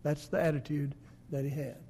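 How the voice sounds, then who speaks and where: A man preaching a sermon, swinging between loud emphatic peaks and hushed low endings. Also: level tone, moderate pace, slightly rough.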